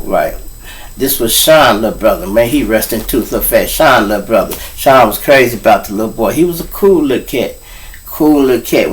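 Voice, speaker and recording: A man's voice: mid-range voice, recorded from a distance, poor audio. Profane Chicago man telling street stories. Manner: profane, rambling, keeps turning to the listeners with "y'all". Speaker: host. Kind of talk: street storytelling monologue.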